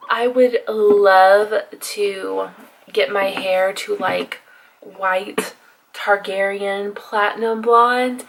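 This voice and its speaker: A young woman with a Texan accent talks in a loose, confiding way while she does her makeup, full of "like" and "you know." Her voice sits at a middle pitch with a gravelly fry running through it. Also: low-quality recording. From Texas. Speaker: beauty vlogger. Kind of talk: casual get-ready-with-me chat while doing makeup.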